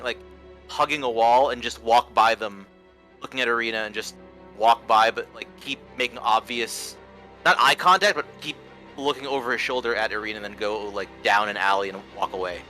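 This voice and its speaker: A man's voice: medium pitch, moderate pace, faint music behind. A man playing in a tabletop game, describing his character's actions in a rambling, casual way with many fillers. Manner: rambling, animated, many likes and uhs. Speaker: player.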